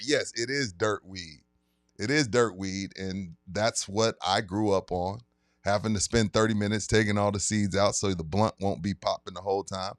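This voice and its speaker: A man's voice: lowish voice, moderate pace, no room sound, clean studio sound. A man hosting a sports talk podcast, telling loose, profane stories in casual chat. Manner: animated storyteller, loose and profane. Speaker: podcast host.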